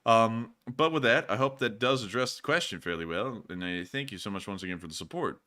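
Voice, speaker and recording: A man's voice: lowish voice, animated, brisk, pushed and bright. A man hosting a casual livestream Q&A, chatty, laughing easily and repeating stock thank-you phrases. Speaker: livestream host.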